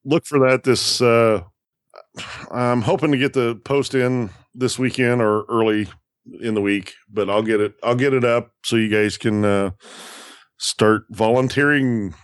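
A man's voice: medium pitch, fairly even intonation, measured pace, dry recording, clean studio sound. A man co-hosting a casual gaming podcast, explaining things step by step in a loose way with frequent restarts. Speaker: podcast co-host.

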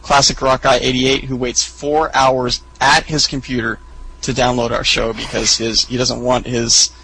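A man co-hosting a podcast, chatting casually and rambling through stories with many fillers. His voice has a gravelly, creaky edge. A faint hiss of noise sits under the recording. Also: little pitch movement, measured pace, bright, forceful tone, rough recording. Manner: rambling storyteller who acts out quotes in high squeaky voices. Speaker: podcast co-host. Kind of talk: casual chat.

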